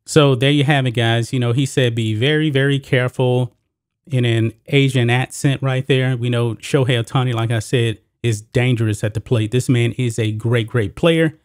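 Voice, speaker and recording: A man's voice: mid-range voice, steady tone, moderate pace, few pauses, no room sound, studio quality. A man hosting a solo sports commentary show, talking casually to his viewers as guys and folks.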